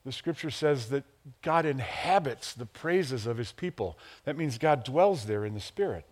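A male pastor from the Chicago area preaching a sermon, animated and playful, acting out quotes and chuckling at his own asides. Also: moderate pace. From Chicago area, USA. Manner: animated, acts out quotes with big pitch jumps.

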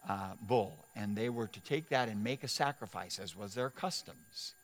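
A man with a lowish voice preaches a sermon, retelling a Bible story with lively dramatic emphasis. His voice carries a long reverb, as if he were recorded in a church hall. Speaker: pastor.

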